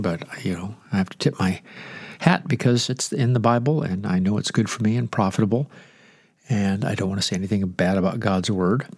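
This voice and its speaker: A man's voice: on the low side, no echo, studio quality. Older man with a nasal voice. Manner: chatty, joking asides, lively emphasis. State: nasal from inflamed sinuses. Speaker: radio Bible teacher. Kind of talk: conversational radio sermon.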